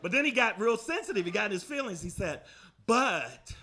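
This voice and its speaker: A man's voice: high-pitched, animated, fast, heavy background noise. A man doing a brash, profane stand-up comedy set on a comedy club stage, speaking into a handheld mic.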